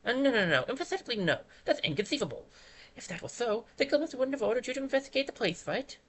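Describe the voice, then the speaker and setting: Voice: medium pitch, sing-song, fast, fairly bright tone, a little hiss or hum, voice pushed up. A streamer voicing a pompous male bird guild assistant while reading game dialogue aloud, with a fussy, formal manner. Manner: fussy, formal, self-important.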